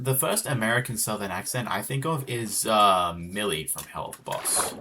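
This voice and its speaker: A man's voice: on the low side, moderate pace, hardly any pauses, bright, forceful tone, slight background noise. An Australian man chatting casually with viewers while streaming a game, rambling as he talks. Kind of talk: casual live gameplay chat.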